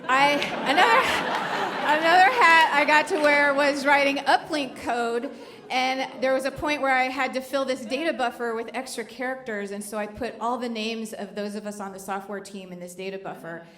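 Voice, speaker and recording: A woman's voice: high voice, normal speed, bright, forceful tone, some chatter behind, a little hiss or hum. Wry middle-aged woman telling a story on stage. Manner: wry, conversational, joking. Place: live venue before an audience. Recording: echoey live hall.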